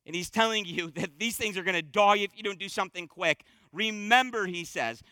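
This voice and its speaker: A man's voice: sits high, pushed and bright, clean tone, dry recording. A man preaching a sermon from a church stage, exhorting with fervent, repetitive urgency. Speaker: pastor.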